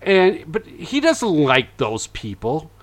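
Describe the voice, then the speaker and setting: This male podcast host recaps events in a lively, casual conversation, voicing the quotes as he acts them out. He talks slowly in a slightly high voice.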